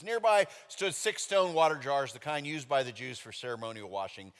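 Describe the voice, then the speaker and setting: A man's voice: mid-range voice, expressive, fairly quick, hardly any pauses, fairly bright tone. A male pastor preaching a sermon, telling the story with jokes and acting out the characters. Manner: jokey storytelling that acts out the characters. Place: church sanctuary. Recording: echoey church hall.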